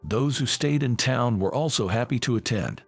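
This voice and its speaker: Gravelly male storyteller, lively pitch. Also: moderate pace, no room sound. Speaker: narrator. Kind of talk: first-person story narration. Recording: faint background music.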